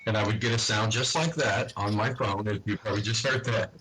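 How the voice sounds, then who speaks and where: A man's voice: on the low side, fairly even intonation, fairly quick, background noise. A man calling in to a stream as a longtime listener, talking casually in a hesitant, rambling way with many restarts. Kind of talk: casual chat.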